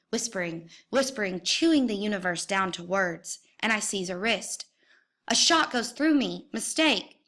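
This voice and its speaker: A woman reads a novel aloud in a bright, ringing voice. Her telling is intense and vivid, and she climbs into cries when the story turns violent. She sits at an ordinary, middle pitch throughout. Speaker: reader. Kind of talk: dramatic reading of a novel.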